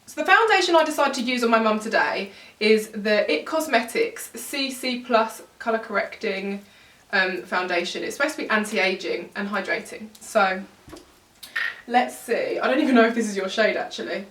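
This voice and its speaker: A young woman chatting quickly and teasingly while doing makeup in a beauty vlog, recorded indoors at home. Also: on the high side, lively intonation, a bit bright. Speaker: beauty vlogger. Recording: roomy sound, mic at a distance.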